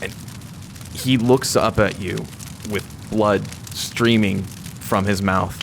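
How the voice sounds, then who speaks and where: A man's voice: on the low side, steady tone, slow, vocal fry, slight background noise. A man acting as game master, narrating a tabletop game in dramatic, vivid second-person storytelling. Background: background music.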